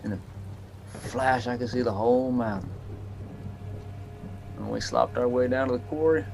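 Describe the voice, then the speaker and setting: A man playing a gravelly coal miner. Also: mid-range voice, fairly even intonation, normal speed, close to an everyday voice. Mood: wry, reminiscing. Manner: folksy storytelling drawl. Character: aging male coal miner, a worn, wry father. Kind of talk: stage play monologue. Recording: noisy background.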